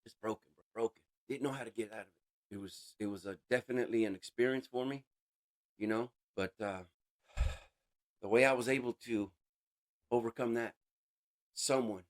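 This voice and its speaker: Man, lowish voice, emotional testimony, halting, casual slang. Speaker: interview guest sharing a recovery story. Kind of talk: personal testimony.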